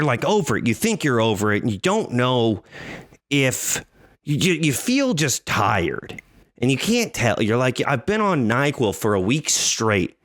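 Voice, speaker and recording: A man's voice: fairly high pitch, no echo, clean studio sound. A man in his thirties hosting a podcast, telling a story in a casual, jokey way and acting out his own thoughts in an exaggerated voice. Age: 30s. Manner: animated, jokey, exaggerated retelling with quoted inner voices. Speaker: podcast host.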